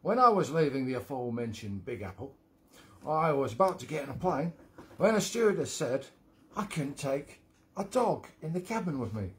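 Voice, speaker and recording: Guy doing a loud cheeky cockney joker voice, pitched up, bouncy, accent wobbling toward aussie. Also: very animated, moderate pace. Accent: attempted London Cockney, slipping toward Australian. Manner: exaggerated, bouncy joke delivery. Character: cheeky brash male London comic joker.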